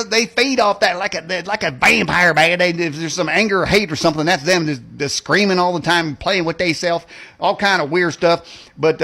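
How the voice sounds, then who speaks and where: A man's voice: high-pitched, bright, forceful tone. A man hosting a political rant show, mocking and rambling in folksy slang, laughing at his own jokes and tacking "man" and "okay" onto his lines. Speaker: host.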